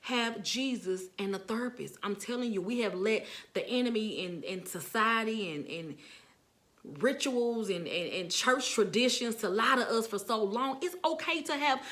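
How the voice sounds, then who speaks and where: A woman's voice: a little high, moderate pace, fairly bright tone. A middle-aged woman casually preaching to viewers as a motivational speaker, earnest and encouraging, often repeating herself for emphasis.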